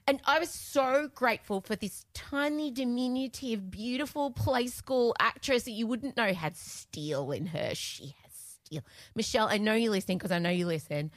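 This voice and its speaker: A woman's voice: fairly high pitch, animated, moderate pace, dry recording. A woman with an Australian accent, hosting a podcast in casual, laughing chat. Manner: chatty, laughing, swearing. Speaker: podcast host.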